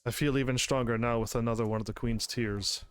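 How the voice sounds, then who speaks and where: Animated man playing a game. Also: mid-range voice, fairly quick, smooth. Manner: animated, laughing, reads game narration aloud. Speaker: gaming streamer. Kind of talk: casual game commentary.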